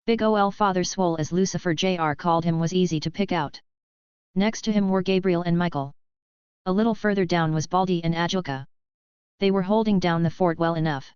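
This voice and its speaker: Woman narrator, casual snarky first-person reading, smooth low voice, dry close sound. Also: a little fast, a little mellow, dry recording. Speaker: audiobook narrator. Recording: dull lo-fi audio.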